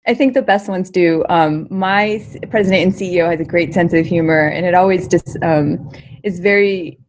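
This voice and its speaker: Speaking at normal speed in a lowish voice, this guest, a young researcher who also does comedy, responds to interview questions with lots of energy. She's chatty, leaning on filler words and repeating herself.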